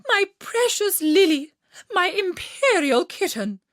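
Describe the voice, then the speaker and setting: A woman voicing the White Queen, a frantic, shrill chess-piece queen who shrieks in breathless cries. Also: sing-song, slow, fairly bright tone, dry recording, studio quality, full character voice.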